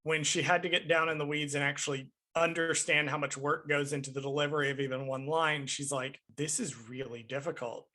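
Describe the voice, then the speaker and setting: A man's voice: fairly high pitch, brisk, few pauses. A man co-hosting a podcast, chatting casually and emphatically while reviewing a film. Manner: animated, emphatic, swears casually. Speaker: podcast co-host.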